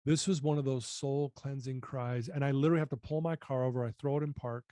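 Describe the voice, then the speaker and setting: A man in his fifties recounts his life story as an interview guest, speaking earnestly and with open emotion. His voice is warm and mellow, at an ordinary pitch. The recording is dry and close, with no room sound. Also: steady tone, quick pace, no room sound.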